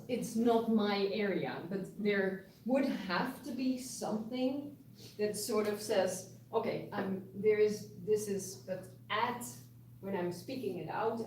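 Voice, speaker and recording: A woman speaking in a mid-range, somewhat mellow voice lectures on linguistics at a university, patiently giving examples and often restarting. Captured in an echoey lecture room from a far-off mic, the audio has slight background noise.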